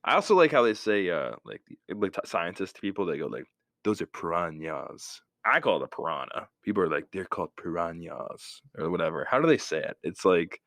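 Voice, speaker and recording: A man's voice: low-pitched, big pitch swings, fast talker, few pauses, a bit bright, dry recording, clean studio sound. A man co-hosting a casual movie-review podcast, laid-back and sarcastic. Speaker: podcast co-host. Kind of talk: casual film-review chat.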